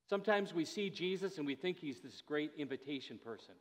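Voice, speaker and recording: A male pastor delivers his sermon in a chatty, conversational way and leans into emphatic lines. His voice sits a little high for a man. The sound rings with a long hall reverb. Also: animated, brisk. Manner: conversational preaching, rising to emphatic.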